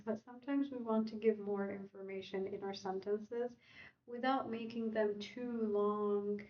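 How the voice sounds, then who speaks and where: A woman teaching an English lesson on a livestream. She keeps checking in with "okay?" and "right?" and reads her example sentences with lively intonation. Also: a little high. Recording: roomy, distant and dull sound.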